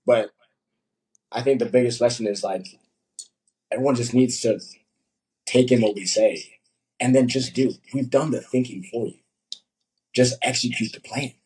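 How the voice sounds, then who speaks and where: A young man, a coach, chatting casually on a podcast, telling animated stories and acting out what people said. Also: medium pitch, normal speed, long pauses, a little hiss or hum, rough recording. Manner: animated storytelling, acts out quotes.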